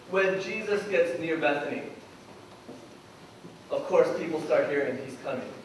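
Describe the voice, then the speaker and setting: A male pastor preaching to his congregation, voicing the people in the story as he tells it. His voice sits high, and he is picked up from a distance. The church hall gives a heavy echo with a faint hiss behind him. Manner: storytelling, acting out voices in quotes. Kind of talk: sermon. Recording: echoey hall from far off, faint noise.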